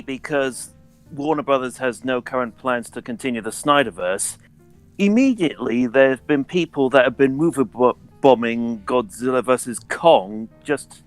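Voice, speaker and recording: A man in casual chat, sharing news in a calm, matter-of-fact way. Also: medium pitch.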